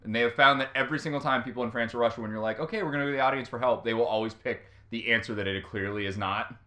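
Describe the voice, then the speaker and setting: A man's voice: medium pitch, rapid-fire, pushed and bright. A man co-hosting a comedy podcast, chatting casually with lots of ums and laughs. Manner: rambling, laughing, many fillers. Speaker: podcast co-host.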